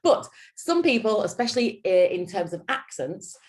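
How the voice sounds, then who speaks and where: Speaking at normal speed in a mid-range voice, a Yorkshire-accented woman delivers a lunch-and-learn as a public speaking coach. Her manner is theatrical and animated, with her voice swooping up and down.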